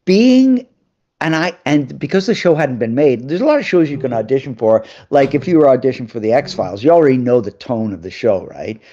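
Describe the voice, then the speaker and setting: Man, animated storyteller, plays out other voices, mid pitch, slightly dull lo-fi sound. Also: brisk. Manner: lively anecdotes, acting out other people's voices. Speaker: actor and interview guest. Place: live video call.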